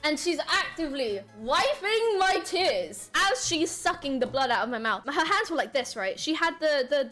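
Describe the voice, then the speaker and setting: A young woman streamer telling a story casually, animated and swearing, laughing often. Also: sits high.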